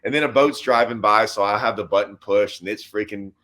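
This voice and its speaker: Man in a relaxed conversational chat, talks like a pro angler, spins a long story, acts out the quotes in his tale. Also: fairly low pitch, fairly quick. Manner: animated storyteller who acts out his own and others' quoted lines. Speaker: host and professional bass angler.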